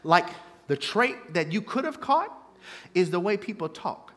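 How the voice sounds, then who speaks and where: Pastor guy preaching, high bright voice, jumps from quiet to yelling with the crowd. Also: big pitch swings, unhurried. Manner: call-and-response preaching, swinging from hushed to shouting. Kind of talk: sermon.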